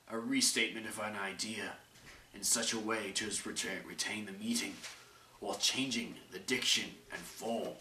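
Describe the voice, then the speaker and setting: A man's voice: lowish voice, fairly even intonation, normal speed, pushed and bright. Man narrating a story in an echoey room. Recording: echoey room, mic far off, faint hiss.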